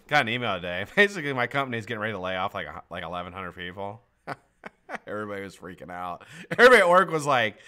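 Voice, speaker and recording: This livestream host is a man whose lowish voice sounds sharp and clean, and he speaks quickly with lots of animation. He keeps things casual, cursing freely, joking around and laughing a lot.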